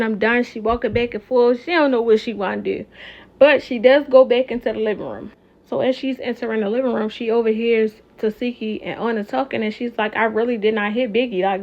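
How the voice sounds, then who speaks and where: A woman recaps a reality show in casual talk, animated and opinionated as she speaks straight to her viewers. Her voice sits fairly high. The recording sounds dull and lo-fi.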